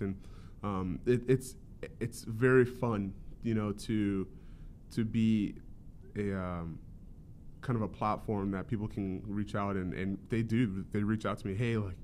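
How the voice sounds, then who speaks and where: Low-voiced man chatting, faint rumble. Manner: rambling, lots of fillers and restarts. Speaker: podcast host and author, guest. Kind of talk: casual chat.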